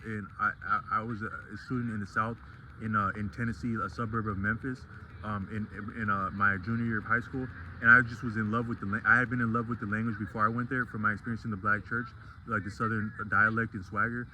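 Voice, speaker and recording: Man musing on camera, meandering and restart-heavy; lowish, flat, slightly bright voice with faint noise behind it. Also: fast talker, poor audio. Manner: rambling and digressive, many restarts. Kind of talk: casual vlog monologue.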